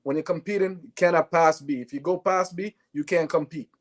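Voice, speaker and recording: A man's voice: on the high side, fairly even intonation, a little fast, close to an everyday voice. A man putting on the voice of a strict mother with a Jamaican accent, scolding her teenage son. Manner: firm, scolding, demanding.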